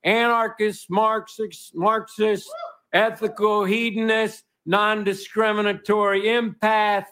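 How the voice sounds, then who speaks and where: A man with a Texan accent hosting a comedy show, delivering a rambling, deadpan, self-mocking monologue in front of a live studio audience. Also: high-pitched, takes it slowly. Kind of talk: stand-up monologue. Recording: live broadcast with a noisy studio crowd. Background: audience laughter and applause.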